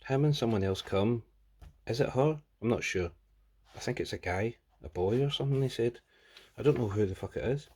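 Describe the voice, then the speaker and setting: Man, comic review vlog, rambling, crude jokes, husky voice. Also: medium pitch, expressive, a little fast, mellow.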